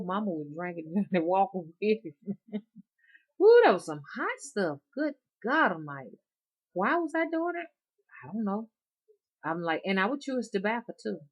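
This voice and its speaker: Folksy low-voiced Southern woman. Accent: Southern US, Alabama. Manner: rambling, folksy, chuckling often. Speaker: rootworker vlogger. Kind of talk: casual chat to viewers.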